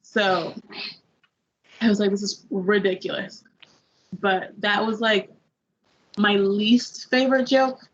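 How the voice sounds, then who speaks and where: A woman's voice: medium pitch, takes it slowly, pauses often. A young woman talks through a film on a casual review panel. She rambles, strings together "like" fillers and acts out her own reactions. The recording sounds a little dull, with faint noise underneath. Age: young adult. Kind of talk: casual movie review chat.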